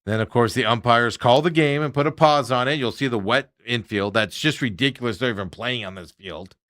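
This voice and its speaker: Ranting sports radio host, bright voice. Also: male voice, mid-range voice, fairly quick, no echo, studio quality. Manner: ranting, mocking, mimics players in shouted voices. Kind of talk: opinionated sports talk.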